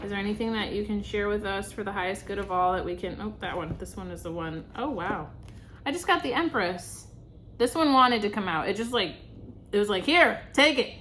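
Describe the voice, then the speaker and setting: A woman's voice: mid-range voice, brisk, fairly bright tone, slight background noise. A young woman giving a casual tarot reading, chatty and reassuring, laughing often. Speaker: tarot reader.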